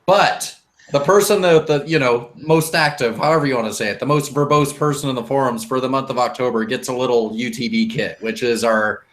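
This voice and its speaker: Male tech podcast host, mid-pitched, loose and jokey. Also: a little fast. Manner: joking, rambling explanations. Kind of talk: casual chat.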